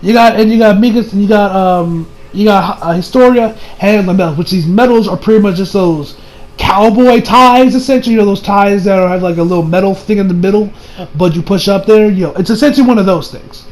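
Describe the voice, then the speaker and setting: Profane, high-voiced young man ranting. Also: fairly quick, poor audio. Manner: profane, animated, mimics characters in quotes. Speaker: anime reviewer. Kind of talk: casual recap and rant.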